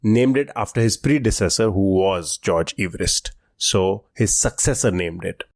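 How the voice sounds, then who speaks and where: Relaxed male quizmaster, dry close sound. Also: deep voice, normal speed, no room sound. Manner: relaxed, explains facts at length with fillers. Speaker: quiz podcast co-host. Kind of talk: casual quiz podcast chat.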